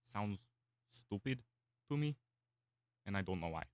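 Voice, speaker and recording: Deep-voiced man musing while drawing. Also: lively intonation, unhurried, pauses often, no echo, clean studio sound. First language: Spanish. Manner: rambling, musing aloud with fillers. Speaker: streamer. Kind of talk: casual chat while drawing.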